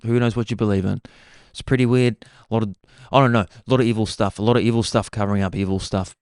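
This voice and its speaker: A young man hosts a podcast in a laid-back, meandering monologue, often dropping "bro." His voice is lowish, a little mellow and smooth, with fairly even intonation, and he talks fast. The studio-quality audio has no echo.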